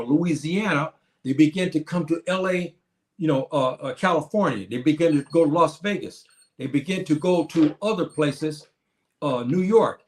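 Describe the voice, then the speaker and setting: An older man in his seventies lectures with emphasis, circling back to his points and calling out to his listeners directly. His voice sits somewhat high for a man. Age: 70s. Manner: emphatic, repetitive, addresses listeners as brothers and sisters. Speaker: teacher of a class. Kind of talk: lecture to a community. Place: Morocco.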